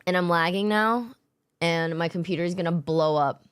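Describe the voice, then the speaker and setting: Tired after work, a woman streamer chats casually with her live viewers, loose and giggly, swearing freely and greeting chatters by name. Her voice is fairly low and clean, at a normal speed.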